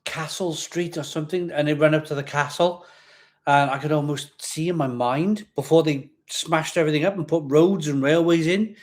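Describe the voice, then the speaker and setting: At normal speed and fairly high pitch, a man from Barry, Wales, with a Welsh accent chats as a live stream host. He rambles, repeats himself and reads viewer comments aloud, with a slight growl at the back of his voice.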